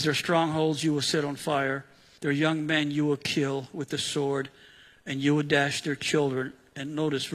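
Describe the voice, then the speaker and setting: Bright, animated man preaching in a hall. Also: fairly high pitch. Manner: conversational, animated Bible teaching with asides. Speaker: pastor. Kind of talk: expository sermon.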